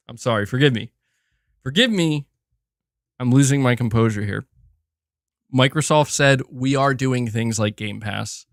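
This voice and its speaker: A man hosting casual gaming commentary, animated and profane, restarting sentences and slipping into mocking impressions. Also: mid-range voice, moderate pace, smooth, no room sound, studio quality.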